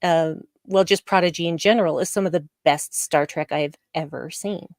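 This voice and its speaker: A woman co-hosting a casual fan discussion, playful and quick with jokes. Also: low voice, no room sound, clean studio sound. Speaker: podcast co-host.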